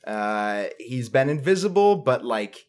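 Dude describing his game character, rambly, lots of likes, lively pitch. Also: unhurried, smooth. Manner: casual, laughing asides. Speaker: player. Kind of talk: tabletop game play.

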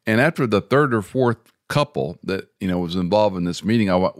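A middle-aged man hosts a podcast in a lowish voice. He tells stories in a folksy way and becomes animated when he quotes other people. The sound is close and dry. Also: a little fast, dry recording. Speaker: podcast host. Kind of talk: podcast interview conversation.

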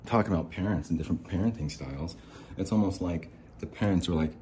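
Man, low voice, podcast host, angry rant, profane, faint room noise. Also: quick pace, a little mellow. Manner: profane, exasperated, swings between muttering and outbursts. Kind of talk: angry ranting monologue. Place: home near a window.

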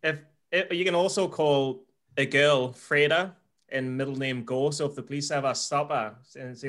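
A man co-hosting a podcast who jokes and fires off quick questions in casual chat. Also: medium pitch. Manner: joking, animated, quick questions. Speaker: podcast co-host.

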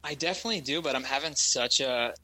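Bright-voiced, swearing storyteller guy. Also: mid-range voice, fast, dry recording, low-quality recording. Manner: animated storyteller, swears, laughs a lot. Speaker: guest, schoolteacher. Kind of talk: casual radio chat.

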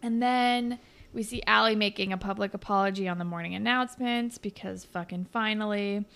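A woman's voice: mid-range voice, fairly even intonation, fairly quick, vocal fry, fairly bright tone, clean tone. A young woman co-hosting a casual recap chat, sarcastic and swearing as she acts out characters' lines. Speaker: podcast co-host.

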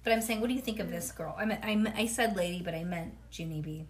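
A woman's voice: fairly low pitch, fast. A woman reading a children's storybook aloud to her child, with chatty asides between pages. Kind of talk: bedtime read-aloud.

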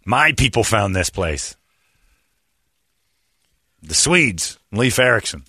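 A man's voice: on the low side, sing-song, slow, sharp tone, slightly rough, no echo, clean studio sound. A man hosting a casual chat, rambling and joking, laughing often at his own bits.

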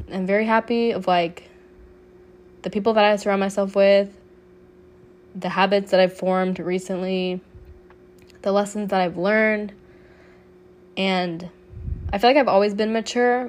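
A woman in her late twenties hosting a solo podcast, sick with a cough, talking casually and heartfelt, peppered with swearing and "like". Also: medium pitch. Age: 20s. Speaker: podcast host.

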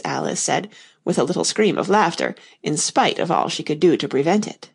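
A woman narrating a storybook as an audiobook reader, steady and unhurried. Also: low-pitched, gravelly, husky. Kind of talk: scripted narration.

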